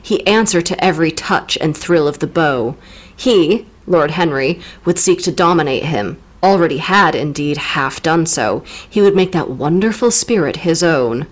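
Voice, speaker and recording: A woman's voice: sits low, expressive, moderate pace. A woman co-hosting a casual literature podcast, retelling a novel with playful, teasing jokes. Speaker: podcast co-host. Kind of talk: casual literary recap chat.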